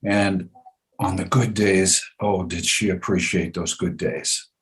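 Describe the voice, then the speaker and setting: A man who is a guest on a podcast, telling a personal story in an earnest, folksy, measured way. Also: low voice, steady tone, low-quality recording.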